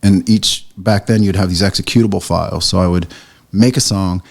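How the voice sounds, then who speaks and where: Middle-aged american guy, lowish voice, animated storyteller doing the quotes, swears a bit. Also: a little fast, gravelly. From United States. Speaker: podcast guest, print shop owner. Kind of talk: casual conversation.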